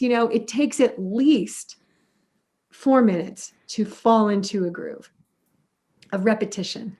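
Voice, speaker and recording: A middle-aged music therapist with a medium-pitched voice answers interview questions like a lively storyteller. As she explains her ideas, she slips into quick acted-out quotes of other people.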